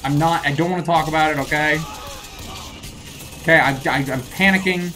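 Flustered young gamer talking to himself. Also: male voice, on the high side, steady tone, bright, forceful tone, faint music behind. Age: young adult. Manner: flustered, rambling self-talk, quick to laugh off his own mistakes; scolds enemies in a jokey way. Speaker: gamer playing through a shooter. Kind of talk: let's play commentary.

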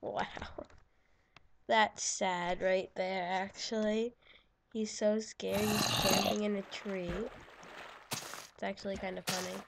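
A woman's voice: medium pitch, level tone, takes it slowly, vocal fry, pauses often, heavy background noise. A woman giving casual, chatty let's-play commentary over a computer microphone, giggling and correcting herself as she goes. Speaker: gaming channel host.

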